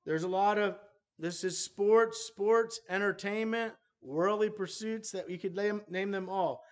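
A male preacher delivers a sermon at a slow, considered pace, often pausing mid-phrase and starting over. His voice sits a little higher than most men's. He speaks plainly to the men in his congregation. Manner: measured, halting delivery with restarts and pauses.

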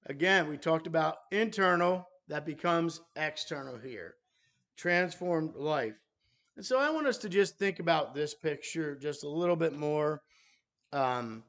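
A male preacher delivers a sermon at a slow, considered pace, often pausing mid-phrase and starting over. His voice sits a little higher than most men's. He speaks plainly to the men in his congregation. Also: fairly bright tone. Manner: measured, halting delivery with restarts and pauses.

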